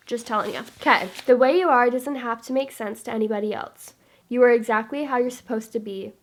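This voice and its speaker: A woman's voice: fairly high pitch, fairly quick. A young woman who vlogs about books, talking casually to the camera in a bubbly, chatty way that drifts off topic. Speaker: book vlogger.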